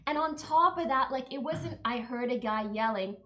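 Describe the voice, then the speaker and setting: Young woman podcast host, kinda high voice, rambly and animated, says like constantly. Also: moderate pace, slight background noise. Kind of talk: casual podcast chat.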